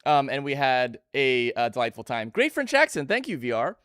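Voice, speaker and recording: A man in his twenties chatting casually with his live stream viewers, energetic and jokey, greeting chat by name. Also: medium pitch, moderate pace, clear, resonant tone, dry recording, clean studio sound.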